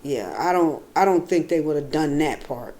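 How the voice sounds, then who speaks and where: A woman vlogs in a rambling, animated way, telling casual stories at a normal speed. She drops from quiet, low murmurs into loud outbursts and swears freely.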